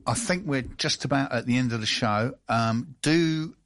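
A man's voice: medium pitch, normal speed, no echo, studio quality. A man hosting a local business radio show, chatting casually and agreeing easily with his guests. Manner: relaxed, agreeable, frequent backchannels. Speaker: radio host.

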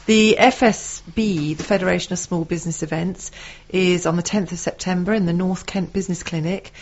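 A woman's voice: fairly low pitch, fairly even intonation, fairly quick, a little mellow. Chatty giggly woman from Essex. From Essex, England. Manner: chatty, giggly, stumbles over words. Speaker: radio show co-host. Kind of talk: casual local radio chat. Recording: dull lo-fi studio with faint background noise.

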